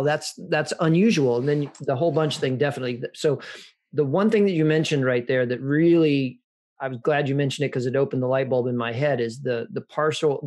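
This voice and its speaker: A man with a medium-pitched voice hosting a wine tasting. He explains things in a relaxed, conversational way and turns now and then to speak to his listeners. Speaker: host.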